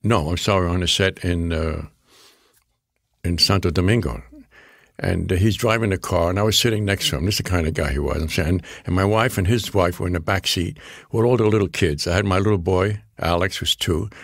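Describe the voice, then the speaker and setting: An older man with a Bronx accent, his voice very low and gravelly. He tells rambling anecdotes as an interview guest, slipping into the voices of the people he quotes. The recording is close and dry. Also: no echo. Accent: New York Bronx. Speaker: guest actor. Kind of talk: storytelling interview.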